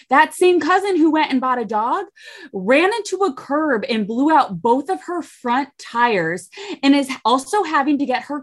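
This is a young woman co-hosting a chatty podcast. She tells family gossip in a lively storytelling way and voices each quoted person as she goes. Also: sits high. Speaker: podcast co-host. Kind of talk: casual chat.

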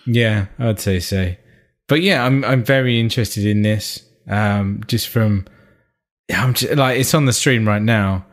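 A man's voice: lowish voice, measured pace. A man co-hosting a gaming podcast, searching for words as he talks and swearing casually. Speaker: podcast co-host.

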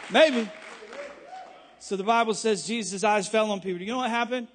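Passionate preacher, man with a very high voice; hall reverb. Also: fast, a faint crowd, a little hiss or hum. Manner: builds to shouting, passionate. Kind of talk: sermon.

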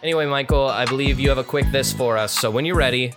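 A man's voice: mid-range voice, fast talker, over music. A man hosting a casual podcast chat, playful, with mock-dramatic asides. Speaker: podcast host.

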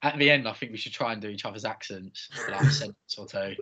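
A man's voice: fairly low pitch, fast talker, crowd noise. A young man, co-hosting a casual chat, reading out audience replies and poking fun at himself. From London area. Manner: teasing, self-mocking, reads audience replies. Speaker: podcast co-host.

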